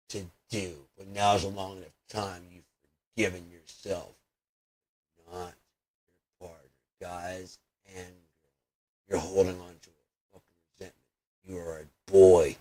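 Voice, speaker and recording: Brief: man with a lowish voice, ranting vlogger, swearing, loud bursts then mutters. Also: level tone, a little slow, long pauses. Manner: profane, swings from loud outbursts to muttering. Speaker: video blogger. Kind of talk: ranting personal monologue.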